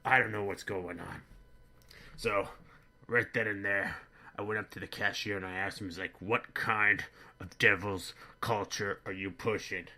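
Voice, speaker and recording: A man's voice: on the low side, steady tone, moderate pace. Man doing a boorish bigoted dad rambling. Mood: blustering. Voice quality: bright-toned, rambling, crude. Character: boorish bigoted middle-aged American dad. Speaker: comedy vlogger in character. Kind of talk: comedic character monologue.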